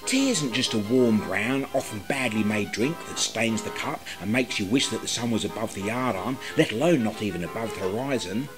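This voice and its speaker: A man with an Australian accent delivering a scripted comic monologue in a wry, mock-grand deadpan manner. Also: lowish voice, moderate pace, hardly any pauses, low-quality recording. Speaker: comic narrator. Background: music.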